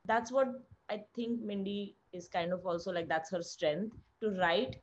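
A woman co-hosting a casual podcast chat, giving blunt, heated opinions with plenty of fillers. Her voice is mid-pitched. The recording sounds slightly dull and lo-fi. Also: a little slow.

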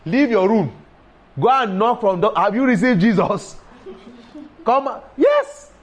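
A man preaching a sermon, emphatic and repetitive, breaking into sudden high exclamations.

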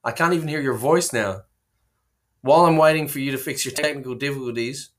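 A man's voice: medium pitch, fairly quick, fairly bright tone. A man co-hosting a casual comedy chat, spinning absurd tangents with frequent fillers and restarts, heard over a remote call. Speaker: co-host.

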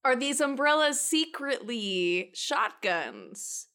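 A woman's voice: high voice, big pitch swings, slow, bright, forceful tone, smooth, voice pushed up, full character voice. A woman voicing an imaginative, upbeat young woman who rambles with playful jokes.

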